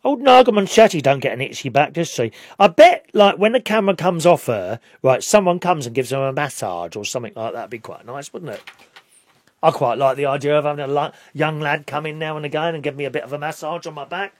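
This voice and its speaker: A man's voice: a little high, animated, a little fast, dry recording. Chatty, opinionated British man. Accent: British English. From Britain. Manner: chatty, rambling, opinionated, rising to indignant outbursts. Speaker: vlogger. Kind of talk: casual talk to camera.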